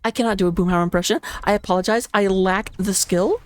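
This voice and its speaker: A woman casting a live esports match, talking rapidly and excitably with a playful, jokey manner. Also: mid-range voice. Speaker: esports caster. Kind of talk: live game commentary on a stream.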